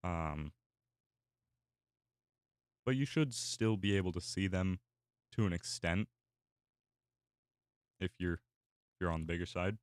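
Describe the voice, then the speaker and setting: A man's voice: sits low, slow, pauses often, dry recording. A young man chatting casually while he draws, rambling with many fillers and restarts. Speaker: artist and YouTuber. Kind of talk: casual chat while drawing.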